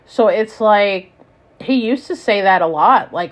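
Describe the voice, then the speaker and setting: A woman's voice: medium pitch, animated, measured pace. A woman hosting a casual solo podcast, talking candidly and rambling with lots of "like" and "you know". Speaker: podcast host and parent.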